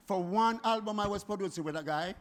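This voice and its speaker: Animated high-voiced Jamaican man in his seventies. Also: fairly quick. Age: 70s. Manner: animated, emphatic, repeats himself. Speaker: music producer speaking at a forum. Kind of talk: impassioned spoken address.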